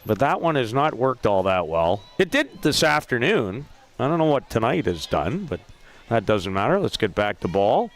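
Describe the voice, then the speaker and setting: A man calling a softball game play by play, lively, with self-deprecating asides about player names. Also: medium pitch, moderate pace. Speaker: play-by-play announcer. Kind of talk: sports commentary.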